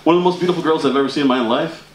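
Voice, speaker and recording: A man's voice: a little high, racing, slight background noise. A man performing a stand-up comedy routine, chatty and laughing through his punchlines. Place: comedy club stage. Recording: echoey room with loud audience laughter.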